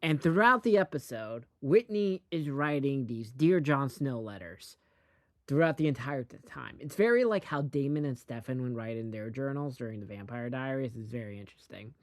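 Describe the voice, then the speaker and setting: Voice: mid-range voice, animated, moderate pace, no echo, studio quality. A host giving a casual, rambling and profane recap of a TV episode, speaking bluntly.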